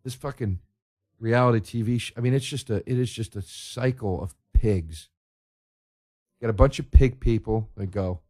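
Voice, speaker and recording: Male comedian host, sarcastic ranting, profane, animated delivery. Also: medium pitch, normal speed. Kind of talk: solo comedic rant.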